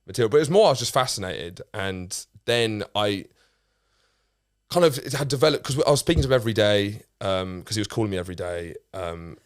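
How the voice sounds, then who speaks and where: Male comedian, low voice, rambling anecdote, dry close sound. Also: expressive, a little fast, dry recording. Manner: rambling, restarts, swears freely. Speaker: comedian guest. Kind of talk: casual anecdote telling.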